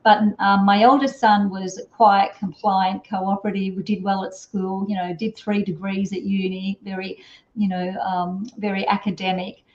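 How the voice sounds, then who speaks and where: A woman's voice: medium pitch, little pitch movement, moderate pace. Chatty middle-aged woman, roomy lo-fi sound. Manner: chatty, rambling, with many fillers and self-corrections. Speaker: parenting strategist guest. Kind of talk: storytelling in an interview.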